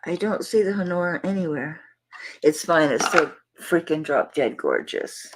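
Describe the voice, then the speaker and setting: A woman's voice: deep voice, animated, moderate pace, noisy background. A middle-aged woman with a Southern accent hosting a live jewelry auction, chatting casually and affectionately with viewers. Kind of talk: casual livestream chat.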